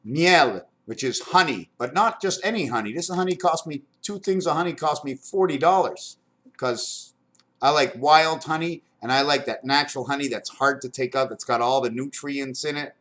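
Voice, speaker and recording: A man's voice: mid-range voice, normal speed, fairly bright tone. An older man talking to his camera in a home vlog, rambling from one topic to the next and showing things as he goes. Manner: wandering stream-of-consciousness talk, jumping between topics; shows items to the camera while talking. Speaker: vlogger.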